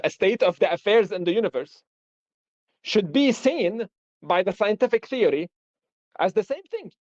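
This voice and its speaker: A high-pitched man teaching philosophy on a live stream, working through examples and tossing out rhetorical questions. The sound is dry and dull, like lo-fi stream audio. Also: no room sound. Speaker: philosophy lecturer. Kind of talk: live-streamed lecture discussion.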